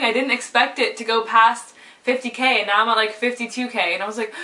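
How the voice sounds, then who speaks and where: Bright-voiced young woman vlogging. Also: a little high, steady tone, brisk. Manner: casual, rambling, peppered with "like", laughs often. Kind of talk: personal vlog monologue. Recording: voice a little far from the mic.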